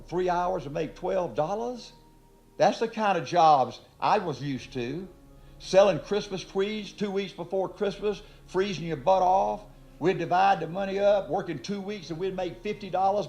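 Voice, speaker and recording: An older man giving a motivational speech, folksy and emphatic, building up to near-shouts. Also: on the high side. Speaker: motivational speaker. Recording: speech with music underneath.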